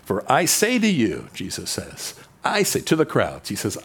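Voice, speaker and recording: A man preaching a conversational sermon, asking the crowd rhetorical questions and dropping his voice low when quoting scripture. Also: wildly swooping pitch, normal speed, hardly any pauses, fairly bright tone, husky. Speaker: pastor. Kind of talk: expository sermon.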